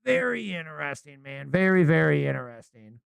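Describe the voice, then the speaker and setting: A man co-hosting a podcast, chatting casually in slangy, animated storytelling. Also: fairly high pitch, moderate pace, creaky, smooth, no echo. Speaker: podcast co-host.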